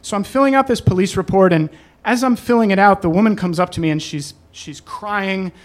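A young man spins a personal story for a live crowd, chatty and animated, slipping in laughing asides. His voice sits high and light for a man. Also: fairly quick.

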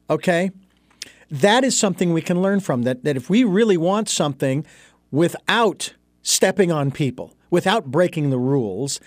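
A man hosting an interview, talking conversationally and tagging his points with a quick "okay?". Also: sits high, darkish tone, dry recording, studio quality. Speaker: interview host. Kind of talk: casual podcast conversation.

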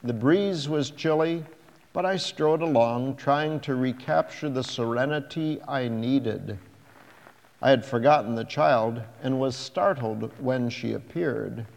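Slow, gravelly male storyteller. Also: mid-range voice, a little mellow. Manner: measured, reflective storytelling. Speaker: narrator. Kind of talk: first-person story reading. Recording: long hall reverb.

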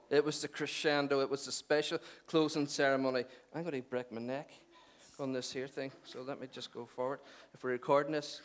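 Male preacher, slightly high voice, sermon with dramatic rises and hushed drops. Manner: dramatic, swings between loud proclamations and hushed intensity.

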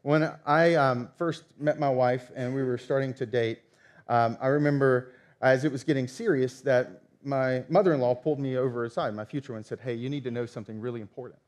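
A man in his thirties preaching a sermon, telling stories with lively acted-out dialogue. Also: mid-range voice, fairly quick. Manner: animated storytelling, acts out quoted dialogue. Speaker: pastor.

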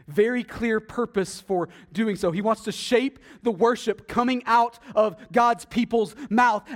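A man preaching a sermon, emphatic and swinging between loud stresses and hushed, intimate asides. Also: very high-pitched. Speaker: pastor.

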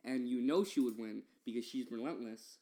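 A man's voice: mid-range voice, moderate pace, dark tone. A young man co-hosting a podcast, bantering and arguing goofy hypotheticals in a playful way. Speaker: podcast co-host. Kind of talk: casual banter.

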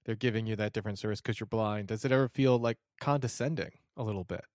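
A man's voice: fairly low pitch, fairly even intonation, fast talker, darkish tone, no echo, studio quality. A man hosting a podcast, asking questions and affirming his guest in an earnest, conversational way. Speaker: podcast host.

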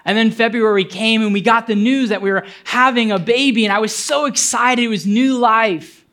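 A man's voice: high-pitched, normal speed, pushed and bright. A male pastor preaching a sermon, telling a personal story earnestly and building to fervent appeals.

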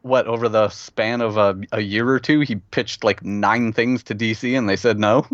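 A man's voice: on the low side, steady tone, moderate pace. A man co-hosting a podcast, speaking earnestly in casual chat. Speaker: podcast co-host. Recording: dry, dull close sound.

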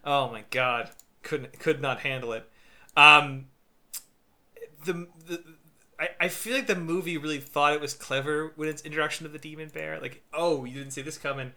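A man with a bright, forceful voice talks casually as a podcast co-host. He stops and restarts often, fills gaps with ums and uhs, and laughs mid-sentence. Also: on the high side. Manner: halting, filler-heavy, laughs while talking. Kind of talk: casual chat.

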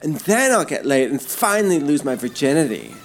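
A woman's voice: sits low, very animated, fairly quick. An actress playing a whiny young woman student who complains while writing her thesis.

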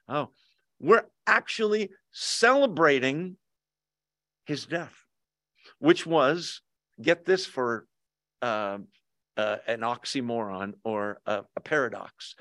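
A man teaching a Bible study in a relaxed, jokey way, often tossing questions to his listeners. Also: mid-range voice, takes it slowly, pauses often, dry recording, clean studio sound. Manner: conversational, jokey, asks the audience questions. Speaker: pastor. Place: church hall, with Zoom viewers.

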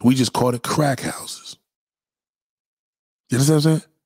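A man's voice: medium pitch, moderate pace, breathy edge, no room sound. A middle-aged man from New York with a New York accent, talking casually in heavy slang, profane and repetitive. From New York City. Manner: profane, animated, heavy slang, repeats himself. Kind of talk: casual street-talk monologue.

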